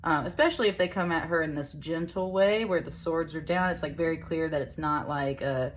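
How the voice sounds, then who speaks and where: A woman's voice: deep voice, fairly quick, a little hiss or hum. A woman giving a casual tarot reading, chatty and rambling, with lots of fillers. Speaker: tarot reader.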